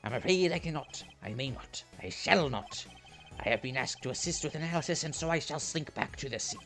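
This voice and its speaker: A man's voice: on the high side, animated, fairly quick, fairly bright tone, soft background music. A man voicing a grandiose adult male stage magician, with a put-on French accent and a pompous, theatrical manner. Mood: haughty. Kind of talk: voicing game dialogue.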